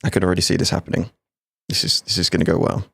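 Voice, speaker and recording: A man's voice: low voice, level tone, rapid-fire, vocal fry, fairly bright tone, slightly rough, no room sound. A man in his thirties, an ex-soldier streaming a game, chatting frankly with viewers and swearing freely. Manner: frank, sweary, jokey banter. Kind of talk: casual livestream chat with viewers.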